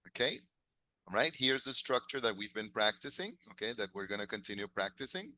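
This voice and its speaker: A man's voice: on the low side, sing-song, brisk, sharp tone, no room sound. A man teaching an English class, encouraging his students, drilling phrases and chuckling often.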